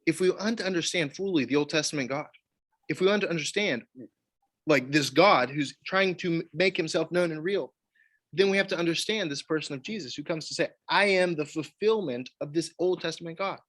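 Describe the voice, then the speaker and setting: A man teaches a church Bible study. He is animated, with a voice a bit higher than most men's, and often acts out quoted voices. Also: brisk. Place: church meeting room.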